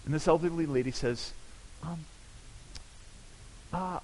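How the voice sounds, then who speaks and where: A man's voice: on the high side, a little slow, pauses often, darkish tone. A man from California preaching a sermon, telling a story with animation and building to emphatic peaks. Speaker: pastor. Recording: long hall reverb.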